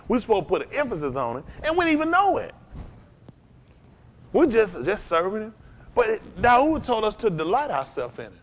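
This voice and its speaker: A man preaching a sermon, animated and working with call and response, climbing to loud, high peaks.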